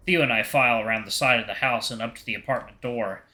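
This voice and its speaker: Bright-voiced man reading a visual novel. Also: mid-range voice, fast talker. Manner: wry first-person narration. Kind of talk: narrating a visual novel aloud.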